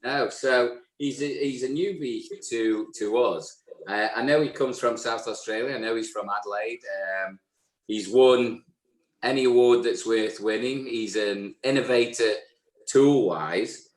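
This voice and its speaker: A man's voice: medium pitch, unhurried. A man co-hosting a live barbering show, introducing a guest with lots of hesitations and fillers. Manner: hesitant, filler-heavy, friendly. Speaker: podcast co-host. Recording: roomy echo.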